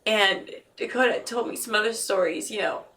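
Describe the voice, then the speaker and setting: A woman guest telling a painful personal story in a podcast interview, halting and earnest, often restarting her sentences. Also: medium pitch, pushed and bright, distant mic, a little hiss or hum. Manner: earnest and emotional.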